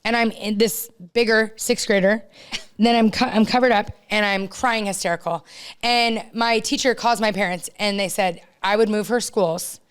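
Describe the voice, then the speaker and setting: Woman podcast co-host, clear resonant voice, heartfelt and chatty, sharing life stories. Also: medium pitch, fairly even intonation, normal speed. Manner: earnest, heartfelt storyteller with many "like" fillers. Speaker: youth team coach. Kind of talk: casual storytelling chat.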